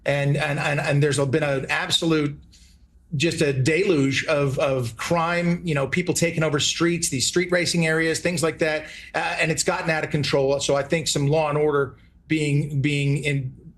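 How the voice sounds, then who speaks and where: Hesitant man with a slightly high voice. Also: level tone, moderate pace, fairly bright tone. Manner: hesitant, repeats words.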